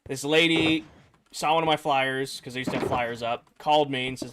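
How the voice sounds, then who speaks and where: A young man streaming rambles animatedly through a personal story for his chat, acting out the voices of the people in it. He speaks a little fast at medium pitch, with a little hiss or hum on the audio.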